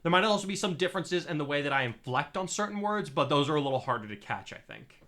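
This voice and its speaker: Male podcast host, New Mexican accent, bright and animated in casual chat. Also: on the high side, quick pace. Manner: animated, laughs often, tries accents.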